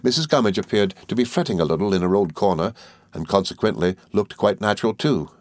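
A man reading a classic novel aloud as narrator, in a measured storytelling manner. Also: sits low, animated, no room sound.

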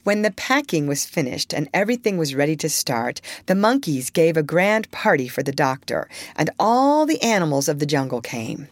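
Woman reading a kids story, lowish voice, lots of lilt, dry close sound. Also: no room sound. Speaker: narrator.

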